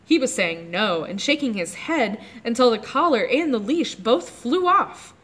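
A woman reads a chapter book aloud at children's story time, her voice swooping up and down with lively expression. She stops now and then to ask the kids about the pictures. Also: a little high, a little slow. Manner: animated, asks the kids questions about the pictures.

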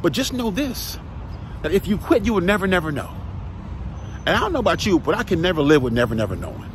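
A man delivers an emphatic motivational talk straight to the listener. He repeats his key lines and fires direct questions, with a lively, swinging pitch over faint background noise. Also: quick pace. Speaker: motivational speaker, former football player.

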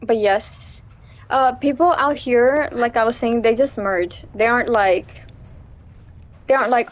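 A young woman streaming a game, telling chatty stories between loud, startled outbursts. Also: a little high, measured pace. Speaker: gaming streamer. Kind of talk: casual gameplay commentary.

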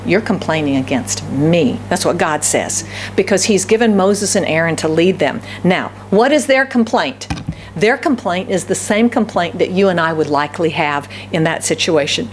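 A woman's voice: fairly low pitch, expressive, moderate pace, a little hiss or hum. A woman pastor giving a conversational sermon, often asking the congregation questions. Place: church service.

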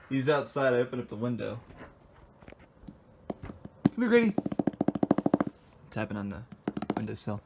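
A man's voice: mid-range voice, fairly quick, vocal fry, pauses often, very noisy. A young man casually filming at home, laughing and coaxing his pet cat in playful baby talk. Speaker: vlogger. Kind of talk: casual vlog talking to a cat. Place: house, basement and backyard.

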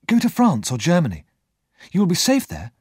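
A man doing an excitable young friend. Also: a little high, fairly quick, husky, no room sound, studio quality, pitched above the performer's own voice, full character voice. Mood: earnest. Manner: warm and excitable. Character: cheerful young male friend.

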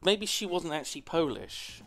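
A man's voice: fairly high pitch, animated, moderate pace, a bit bright. A man streaming a video game, chatting and rambling casually with playful asides. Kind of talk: casual gameplay commentary. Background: faint game music.

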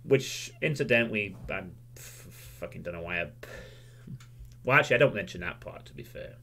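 A man's voice: low-pitched, expressive, a little fast, sharp tone. A man livestreaming a candid, self-critical monologue; he swears freely and rambles, losing his train of thought at times.

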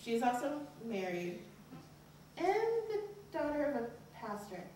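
A young woman tells a true story from a stage, speaking earnestly and frankly, her pitch leaping up whenever she voices her worried thoughts. Her voice sounds distant and bounces around a very reverberant hall. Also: animated, a little slow, very noisy. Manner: earnest, candid, pitch rises sharply on anxious inner questions. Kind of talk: live personal storytelling. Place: college stage at a live showcase. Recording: very echoey hall, voice from far off.

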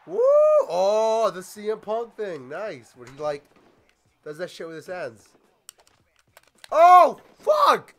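A man commentating a wrestling video game as he plays, excitable and swearing, shouting at his opponent. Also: high-pitched, measured pace. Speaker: gaming YouTuber. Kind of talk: let's play commentary.

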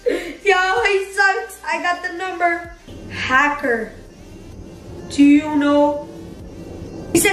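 High-voiced excitable female vlogger, roomy echo. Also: unhurried. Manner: reads texts aloud and reacts with animated exclamations. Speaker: YouTuber. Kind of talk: excited casual vlog commentary. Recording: roomy echo with faint music.

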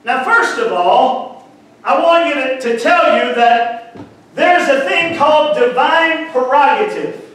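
A male pastor preaching a fervent sermon, calling out to the congregation and rising to shouts. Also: extremely high pitch, lively intonation, takes it slowly. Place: church sanctuary. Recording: echoey church hall, far from mic.

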